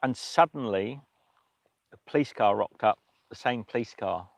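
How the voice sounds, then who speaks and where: A man hosting a livestream, telling a story in a casual, emotional way with many halting restarts. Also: on the low side, gravelly, no room sound. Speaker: livestream host.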